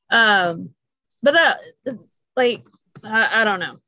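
A chatty female co-host talking casually, with a voice a little high for a woman. The sound is dry and close with no room around it. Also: sharp tone, dry recording. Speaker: podcast co-host. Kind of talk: casual chat.

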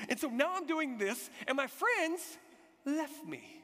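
A man preaching a sermon, telling an animated personal story and acting out the people in it. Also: extremely high pitch, measured pace. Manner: animated storytelling, shouts acted quotes. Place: church hall. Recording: long hall reverb.

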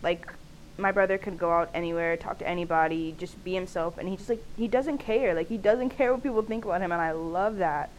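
On a rough recording with slight hiss or hum, a young woman with a lowish voice runs a casual solo podcast a little quickly. She's candid and chatty, laughing and saying "like" a lot.

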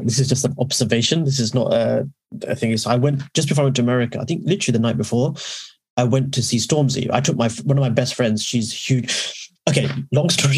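Gravelly, husky man chatting. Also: medium pitch. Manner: rambling, anecdotal, with self-corrections. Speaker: podcast co-host. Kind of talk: casual chat.

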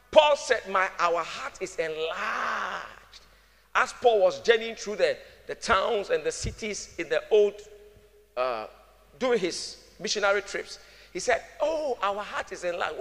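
A man preaches in a high, gravelly voice, calling on the congregation to answer him back. His words ring out with a long hall reverb while soft music plays underneath. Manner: preaching with call-and-response, acting out voices. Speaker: pastor. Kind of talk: sermon.

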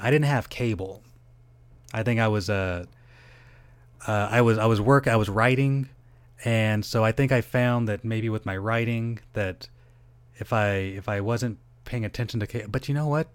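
A man's voice: lowish voice, no echo. A middle-aged man hosting a solo podcast, rambling, interrupting himself and swearing casually. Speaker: podcast host.

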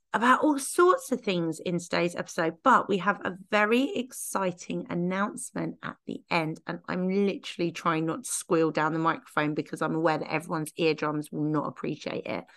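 A woman with a croaky voice, hoarse from laryngitis, hosts a relaxed podcast chat. She talks in a bubbly, chatty way and pokes fun at herself. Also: lowish voice. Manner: bubbly, chatty, self-mocking. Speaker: podcast host.

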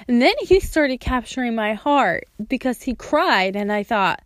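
A woman's voice: a little high, animated, unhurried, no echo, clean studio sound. A woman sharing a heartfelt personal testimony, earnest and storytelling, now and then acting out remembered words.

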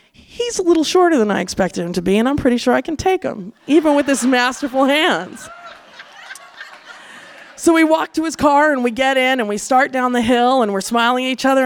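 Frank, profane woman storyteller. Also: fairly high pitch. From California, USA. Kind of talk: personal storytelling monologue.

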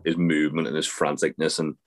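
Deep-voiced man rambling about wrestling. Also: level tone, quick pace. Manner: rambling, many fillers and restarts. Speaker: podcast co-host. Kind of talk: casual wrestling chat.

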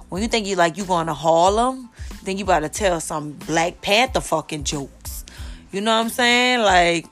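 A young woman hosting a casual solo podcast from her bed, telling stories in a blunt, profane way and quoting the people in them. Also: on the low side. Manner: blunt, profane, storytelling with quoted voices. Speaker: podcast host. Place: lying in her bed at home.

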